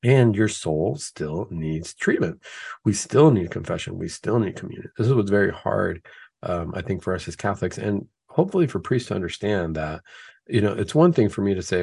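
A man hosts a Catholic talk show in casual conversation, acting out imagined excuses in a raised voice and building his points through repeated questions. His voice is low, gravelly and darkish with a breathy edge, animated at a moderate pace. The recording is dry.

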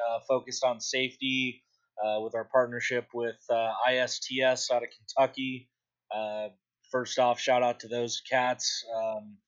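A man's voice: mid-range voice, fairly bright tone. Profane rambling man on a dull podcast line. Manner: blunt, profane, rambling with many fillers. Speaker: podcast co-host, distillery industry board representative. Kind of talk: casual podcast chat.

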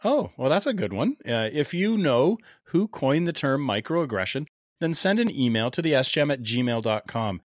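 A man's voice: mid-range voice, big pitch swings, moderate pace, no room sound. Upbeat male podcast host, dry sound. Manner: upbeat, jokey. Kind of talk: casual podcast chat.

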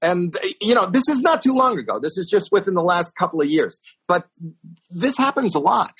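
A husky, fairly high-voiced middle-aged man tells a stand-up story in a casual talk-show chat. He acts out the other people in the story with sudden high squeaks. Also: big pitch swings, a little fast, fairly bright tone, poor audio. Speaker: stand-up comedian guest telling a story.

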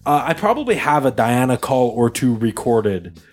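A young man hosts a podcast and tells a funny story, with his pitch swinging up and down as he acts out the people who call him. Some faint music plays under the talk. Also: moderate pace. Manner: animated storytelling, jokey voices for callers. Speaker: podcast host. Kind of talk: casual chat.

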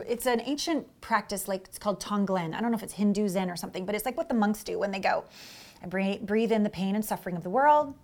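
A middle-aged woman, a guest on a podcast, telling lively stories about dating and acting out what people said. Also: on the high side. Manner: expressive, acts out quotes with big swings in loudness. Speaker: podcast guest, relationship coach. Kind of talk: animated interview storytelling.

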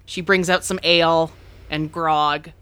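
A woman's voice: low-pitched, fairly even intonation, a little slow, pushed and bright, clear, resonant tone, dry recording. Chatty woman game master, dry sound. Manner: chatty, laughs often. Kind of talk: narrating a tabletop game.

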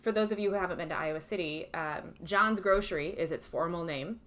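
A young woman co-hosting a casual chat, telling animated stories and laughing often. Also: lowish voice, brisk. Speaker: podcast co-host.

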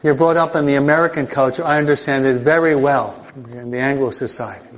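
An older man, a priest teaching an adult catechism class in a lively sermon style, emphatic and often checking in with his listeners. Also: mid-range voice, a little fast. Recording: dull lo-fi recording.

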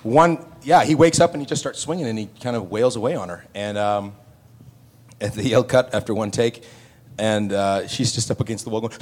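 A man, an actor answering fan questions on a panel, telling stories in a lively way, acting out other people's lines and laughing often. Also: fairly quick. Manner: animated, acts out other people's lines with loud jumps in pitch. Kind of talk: panel Q&A storytelling.

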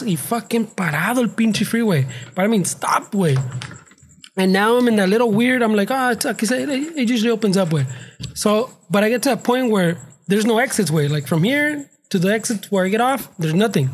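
A man telling a story in a casual podcast chat, profane and laughing, mixing English and Spanish. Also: high voice. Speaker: podcast co-host.

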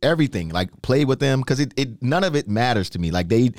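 Animated storytelling podcast host. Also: male voice, mid-range voice, quick pace, no room sound, clean studio sound. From New York. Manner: animated storytelling, rising to emphatic questions. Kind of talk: casual chat.

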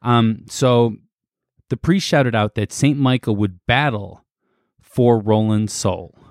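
Recorded cleanly in a studio without room sound, a male podcast co-host tells a story slowly in a lowish voice. It's casual, sprinkled with fillers and laughter.

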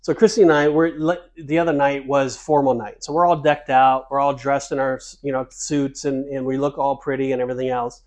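A man's voice: mid-range voice, a little fast, few pauses. Man telling a story on a podcast. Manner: animated storyteller, laughs while telling. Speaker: podcast co-host. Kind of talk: casual chat. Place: cruise ship.

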